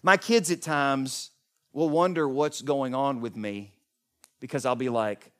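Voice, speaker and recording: A middle-aged man preaching a sermon as pastor, swinging from loud emphatic peaks to soft hushed lines. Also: medium pitch, unhurried.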